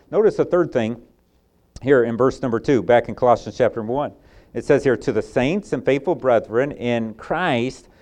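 A man with a Southern US accent preaching a Bible sermon. He builds to emphatic peaks and falls back to quiet, soft lines. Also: medium pitch. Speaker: pastor.

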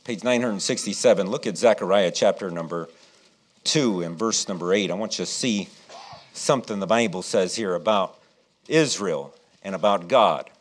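A middle-aged man preaching a sermon and telling a childhood story, animated and acting out what people said. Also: low voice, moderate pace. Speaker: pastor.

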